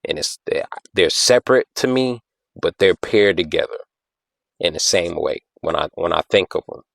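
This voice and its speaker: Speaking in a low, gravelly voice with lively intonation, this man hosts a podcast at a moderate pace. He explains things casually, says the same points more than once, throws in "you know what I'm saying?", and marks rhythms with "da da da." There's no echo.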